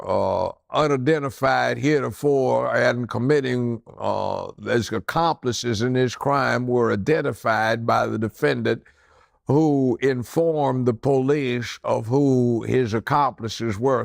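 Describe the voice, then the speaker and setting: Gravelly older man spinning courtroom stories. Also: medium pitch, no echo, studio quality. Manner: animated, acts out characters in his stories. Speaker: former judge. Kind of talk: storytelling anecdote.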